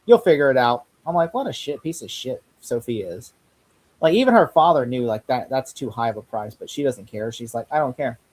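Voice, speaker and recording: A man's voice: medium pitch, animated, a little fast, a little mellow. A young man chatting casually on a podcast, rambling, laughing often and acting out lines he quotes. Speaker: podcast host. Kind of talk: casual chat.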